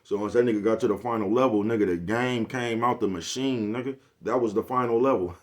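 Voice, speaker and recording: A channel host speaks at a medium pitch and a brisk pace in a casual vlog monologue. His laid-back, slangy rant keeps checking in with viewers: "you get what I'm saying."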